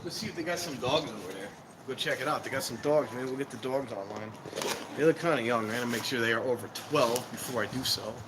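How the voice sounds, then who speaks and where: A man's voice: medium pitch, fast talker, very noisy. A man in a casual live-stream chat, rambling to his viewers as he wanders around outdoors near a train station. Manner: rambling, talks to viewers while walking about. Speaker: vlogger.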